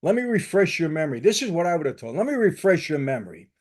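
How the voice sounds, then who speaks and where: An older man hosts his own channel, delivering emphatic, combative political commentary packed with repetition. His voice is fairly high with a darkish tone, and he speaks fast and very animatedly.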